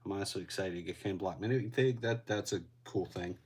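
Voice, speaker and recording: A deep-voiced man rambles easily to his live chat while he builds, a bit winded from a cold he is still getting over. Faint keyboard clicks sit behind him. His talk is relaxed and unhurried. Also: slight background noise. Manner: laid-back, rambling, reacts to chat. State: recovering from a cold, a little winded. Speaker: LEGO builder streaming to chat.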